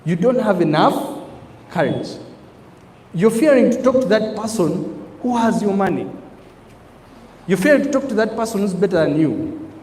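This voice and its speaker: A man gives a motivational talk in the preaching style of a pulpit, throwing questions at his listeners. His voice sits high and swings widely in pitch. The sound bounces around a large hall with a long tail and a faint hum of ambience. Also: lively intonation, moderate pace, long pauses, a little mellow. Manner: emphatic, preacher-like, asks the crowd questions. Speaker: network marketing trainer. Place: training hall with an audience.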